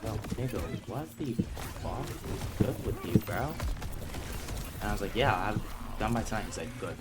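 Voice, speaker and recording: A man's voice: lowish voice, moderate pace, heavy background noise. A young man casually telling a storytime vlog, swearing freely and acting out the people he quotes. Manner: profane, animated retelling with quoted voices. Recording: music playing clearly behind.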